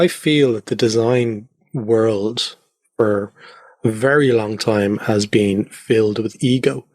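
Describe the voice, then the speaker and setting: Recording from a converted attic in his home, an Irish podcast guest chats in a loose, reflective way, full of fillers, during a casual interview. His voice is low-ish and husky, captured dry at studio quality.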